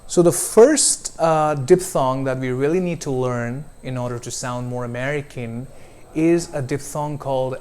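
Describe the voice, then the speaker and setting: A man leads a pronunciation lesson in a measured, unhurried voice. He models each vowel sound slowly and deliberately so the learner can repeat it. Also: mid-range voice, darkish tone, clean tone. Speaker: accent coach.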